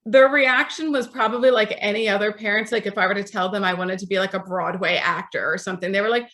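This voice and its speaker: A woman's voice: medium pitch, fairly even intonation, fast, a bit bright. A woman in her forties, an author being interviewed, telling stories in a chatty way and acting out the voices of people she quotes. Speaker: author, podcast guest.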